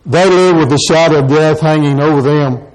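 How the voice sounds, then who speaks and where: Preaching to his congregation, a pastor presses the same rhetorical questions again and again. His voice is a little high and brisk, and the recording quality is low.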